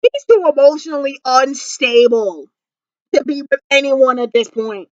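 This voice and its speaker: A woman's voice: sits high, expressive, a little slow, no echo, highs cut off. A young woman vlogging a fan review of a TV episode, gushing and dramatic, full of "like" and fillers. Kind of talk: excited fan review chat. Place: indoors at home.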